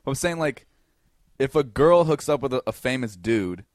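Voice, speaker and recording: A male comedian chatting casually on a podcast, telling animated stories and swearing freely. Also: mid-range voice, normal speed, no echo, studio quality. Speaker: comedian guest.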